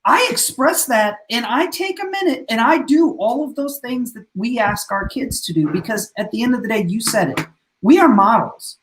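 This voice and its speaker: A man's voice: very high-pitched, animated, normal speed, a bit bright, slight background noise. A man who works as a school principal, telling earnest stories in a casual podcast conversation and acting out what his students say. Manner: earnest storyteller, acts out quotes of students.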